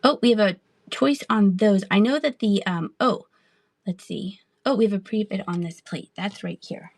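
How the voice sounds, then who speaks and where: A woman hosting a casual live-stream sale, chatty and quick to laugh as she answers the chat. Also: medium pitch, no room sound. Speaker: online live-auction seller.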